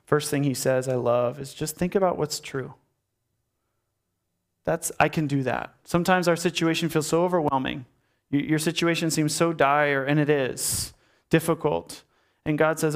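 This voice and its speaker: Man, pastor, sermon, fairly high voice, earnest, repeated rhetorical questions. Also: fairly even intonation, normal speed.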